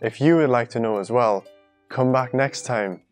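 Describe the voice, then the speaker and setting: A woman's voice: rumbling low, moderate pace, darkish tone, faint music behind. A woman playing the curious student in a scripted lesson dialogue.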